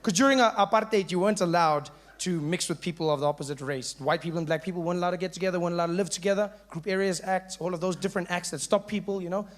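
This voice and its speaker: High-voiced South African comedian. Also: male voice, racing, hardly any pauses. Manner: animated storytelling with punchy asides. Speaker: stand-up comedian. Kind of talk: stand-up comedy.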